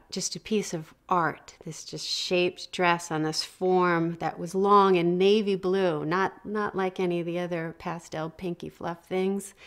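A middle-aged woman giving a talk in a conversational, animated way, with frequent restarts and asides as she tells a personal story. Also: on the low side.

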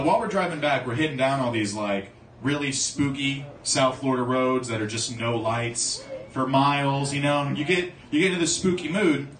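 A man's voice: mid-range voice, a bit bright. A young man doing a stand-up comedy set, telling loose, rambling stories with lots of fillers. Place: comedy club stage at an open mic. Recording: echoey club recording from far off, audience noise. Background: audience laughing and cheering.

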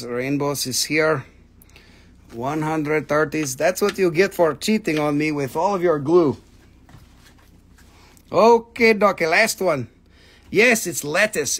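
Guy with a pretty high voice running a live rock sale, jokey and teasing, cusses a lot. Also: fairly bright tone. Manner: teasing, laughing, swearing freely. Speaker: live-stream crystal seller. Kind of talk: casual live sales stream.

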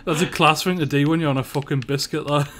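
A man's voice: fairly high pitch, fairly even intonation, fast, fairly bright tone, a little hiss or hum. A young man in casual, crude banter with a friend while gaming, laughing often and swearing freely. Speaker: gamer.

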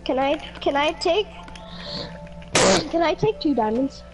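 High, slow, giggly woman with a cough. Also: over music, poor audio. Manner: excitable and silly, squealing and playful noises. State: coughing repeatedly. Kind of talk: casual gameplay chat.

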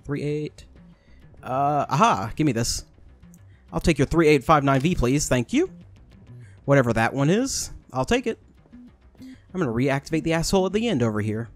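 A young man casually commentating a video game as he plays, excitable, laughing often and swearing at the screen. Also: fairly high pitch, moderate pace, long pauses, soft background music. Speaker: gaming YouTuber. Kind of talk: casual let's-play commentary.

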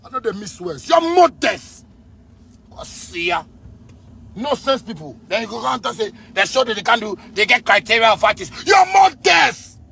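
A man in his thirties with a Ghanaian accent, ranting angrily at the president, repeating himself and breaking into shouts. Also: high-pitched, fairly quick, vocal fry, husky. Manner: heated, repetitive, bursts into shouting. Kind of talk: angry rant addressed to the president.

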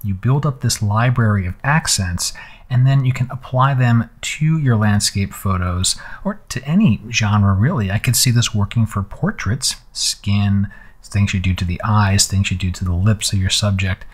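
A man giving a relaxed, conversational screen-recorded photo editing tutorial, explaining steps as he clicks through them. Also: fairly low pitch, normal speed, husky. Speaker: photography instructor.

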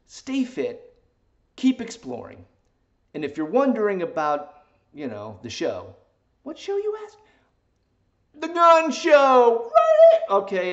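A playful man hosts a casual fitness vlog and hams it up in a silly put-on accent. His voice sits fairly high and swings up and down a lot. The recording sounds dull and lo-fi. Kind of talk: casual jokey vlog talk.

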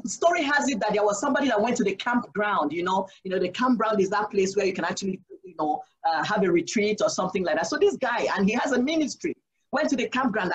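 A woman's voice: medium pitch, dull audio. A deaconess teaching a church Bible study, exhorting and asking her listeners questions that she then answers herself. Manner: asks rhetorical questions and answers them herself; earnest, exhorting, sprinkles in "Praise the Lord".

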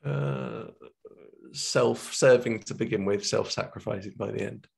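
Low gravelly-voiced male guest writer. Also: measured pace. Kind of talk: casual conversation.

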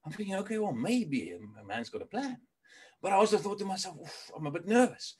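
Animated South African man telling a story. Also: sits high, a little fast, slightly rough. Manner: animated, acts out dialogue and stutters for comic effect. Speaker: motivational speaker. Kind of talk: storytelling keynote talk.

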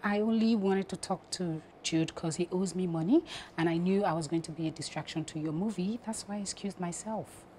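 An actress with a Nigerian accent playing a hot-tempered wife and businesswoman who demands payment from a friend, her voice jumping from sharp outbursts to low murmurs. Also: a little hiss or hum, natural voice. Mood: soothing defensive. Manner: sharp, demanding, quick to rise then drop to a low murmur.

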